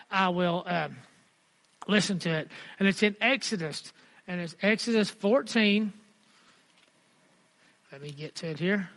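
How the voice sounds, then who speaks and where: High-voiced man preaching in a reverberant hall. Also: fairly bright tone. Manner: earnest, repeats phrases, reads scripture aloud. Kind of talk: sermon.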